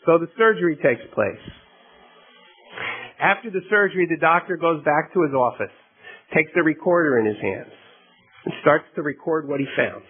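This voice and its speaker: Higher-voiced preacher over tinny radio. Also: male voice, expressive, normal speed. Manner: conversational storytelling, asks "right?". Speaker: pastor. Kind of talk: sermon. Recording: tinny phone-like radio broadcast.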